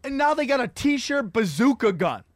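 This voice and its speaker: High-voiced man ranting on a podcast. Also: moderate pace, no echo, studio quality. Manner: rambling, profane, animated storytelling. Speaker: podcast host. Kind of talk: casual comedic rant.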